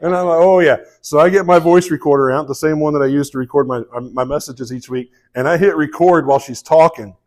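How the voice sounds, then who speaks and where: A man with a Southern US accent preaching a sermon to a live congregation, telling a story in a relaxed way with many fillers. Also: a little high, a little fast, hardly any pauses. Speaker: pastor.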